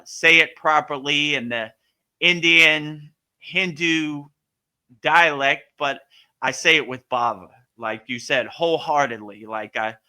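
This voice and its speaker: A yoga teacher answers a question during a casual spiritual talk, rambling loosely and peppering his speech with "you know" and "like." His voice is on the high side with a sharp tone, and he comes across as earnest and emphatic.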